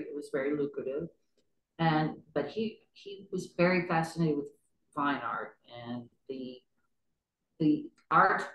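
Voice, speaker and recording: A woman's voice: low-pitched, echoey room, low-quality recording. A woman chatting as an interview guest, rambling and laughing often. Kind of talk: casual interview chat.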